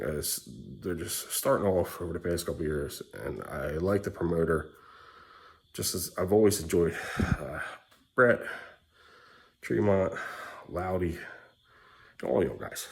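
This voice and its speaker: Gravelly low-voiced dad rambling on camera. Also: male voice. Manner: candid, rambling and blunt, with swearing and laughs. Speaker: dad vlogger. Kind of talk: rambling personal vlog monologue.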